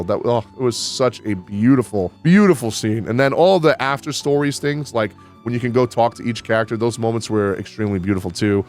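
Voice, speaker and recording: A man reviewing a video game update in casual, candid talk, excitable and quick to swear. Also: medium pitch, soft background music. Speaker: gaming YouTuber.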